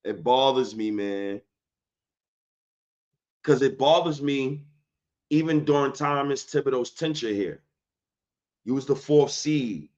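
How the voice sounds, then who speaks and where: A man's voice: medium pitch, darkish tone, muffled recording. A man hosting a solo sports podcast, talking in a heated, slangy and emphatic rant.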